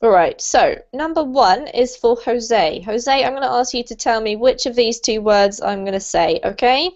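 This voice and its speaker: Encouraging british teacher on a call. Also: female voice, on the high side, moderate pace, a little mellow. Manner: encouraging, clear and patient. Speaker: English pronunciation teacher. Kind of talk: online group lesson. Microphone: video call. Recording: lo-fi online call audio.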